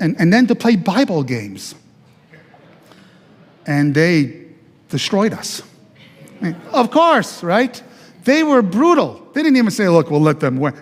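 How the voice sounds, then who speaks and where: A man, a pastor, telling his testimony as a sermon, animated and acting out the voices he quotes. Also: high voice. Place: church sanctuary. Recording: long church hall reverb.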